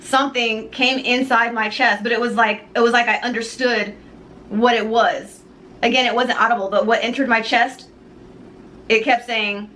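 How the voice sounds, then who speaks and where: A woman earnestly telling a personal faith story to the camera, halting and pausing often. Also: on the high side, fairly even intonation, sharp tone, a little hiss or hum, rough recording. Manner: earnest, halting, with many pauses. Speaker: jewelry maker sharing a personal story.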